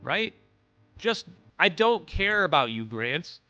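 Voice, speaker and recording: Stream host, male, bright and somewhat high voice, profane and dismissive, casual rant with synthwave music faintly under it. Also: sing-song, takes it slowly, highs cut off. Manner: profane, dismissive, talks straight to chat. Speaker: livestream host.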